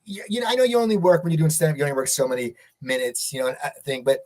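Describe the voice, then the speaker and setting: A man's voice: on the high side, very animated, very fast, a little mellow. A man hosting a casual interview, asking long, rambling questions full of restarts. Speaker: podcast host.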